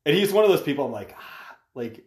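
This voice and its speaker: A man's voice: on the high side, big pitch swings, fast. Casual man chatting in echoey room. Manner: conversational, laughs often, uses "like" a lot. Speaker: podcast co-host. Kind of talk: casual chat. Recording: roomy echo.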